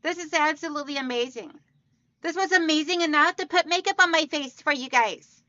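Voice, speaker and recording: A woman hosting a casual quilting livestream, chatting warmly with viewers and greeting them by name as hon and sweetheart. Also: high voice, a little fast, no room sound, dull audio.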